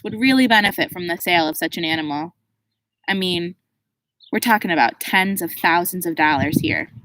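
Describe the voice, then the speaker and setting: A woman reading a sly, overfamiliar South African game warden in an audiobook, his breezy patter turning into quiet threats. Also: lowish voice, a little hiss or hum, low-quality recording. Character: smooth-talking sly male game warden, menacing. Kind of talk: audiobook character voice.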